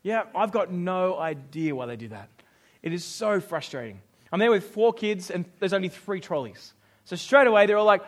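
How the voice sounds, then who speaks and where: Man, thirties, high voice; a pastor who preaches casually and plays out the voices in his own anecdotes. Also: a little fast. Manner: animated storytelling, acts out quotes. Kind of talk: sermon.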